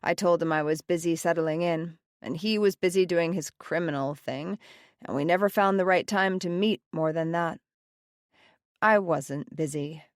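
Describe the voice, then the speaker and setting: Lower-voiced woman narrating an audiobook. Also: no room sound, clean studio sound. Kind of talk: first-person scripted narration. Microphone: close studio mic, dry.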